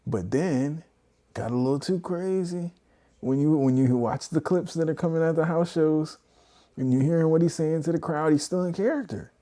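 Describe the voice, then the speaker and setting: A man holds forth in a loose, animated rant on a live stream. His voice sits low and mellow, and he keeps breaking into mocking impressions when he quotes other people. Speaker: streamer host. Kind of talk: casual wrestling commentary on a live stream.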